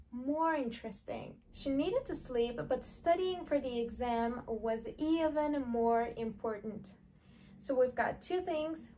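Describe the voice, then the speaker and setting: Her voice is high and a little mellow as she teaches English online, saying sample sentences slowly and distinctly for students to echo back.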